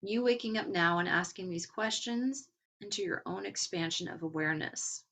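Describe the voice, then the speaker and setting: Gentle, encouraging woman with a lowish voice. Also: moderate pace. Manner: rambling, with filler words. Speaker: podcast host. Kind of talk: casual spiritual commentary.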